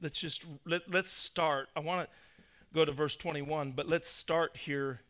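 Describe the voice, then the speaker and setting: A male pastor preaching a sermon, emphatic, building to loud, insistent peaks and quizzing his congregation. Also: on the high side, steady tone, a little slow.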